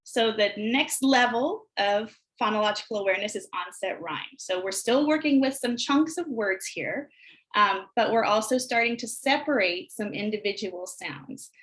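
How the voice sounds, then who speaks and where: A woman presenting a teacher training session, calmly explaining early literacy activities and modeling phrases slowly as if for young children. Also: mid-range voice, poor audio. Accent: American. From United States. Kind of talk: instructional webinar walkthrough.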